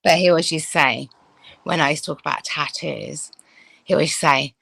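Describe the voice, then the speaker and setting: A woman with a bright, forward voice tells stories in a casual panel chat. She wanders off into asides and then picks up the thread again. She sounds close and dry. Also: sits low, moderate pace, gravelly, long pauses, slightly rough, no echo, poor audio. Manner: chatty, anecdotal storytelling with asides. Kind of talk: casual group discussion.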